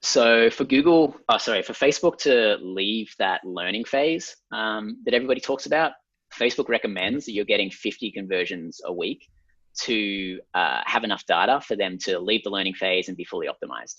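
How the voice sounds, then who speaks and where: Husky Australian man explaining methodically. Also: fairly low pitch, moderate pace, dry recording. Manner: steady, methodical, frequent ums. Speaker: ad consultant guest. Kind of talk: explaining a screen walkthrough. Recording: slightly dull lo-fi sound.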